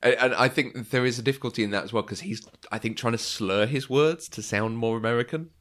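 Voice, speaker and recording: A man's voice: medium pitch, brisk, fairly bright tone. A man co-hosting a casual film discussion, talking with enthusiasm and often laughing. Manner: enthusiastic, laughs often, quotes lines in voices. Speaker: podcast co-host.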